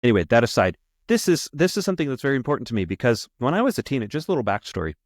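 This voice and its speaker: A man's voice: mid-range voice, very animated, very fast, no echo, studio quality. A middle-aged man from the United States casually telling a personal story as a podcast host, rambling and often repeating and correcting himself.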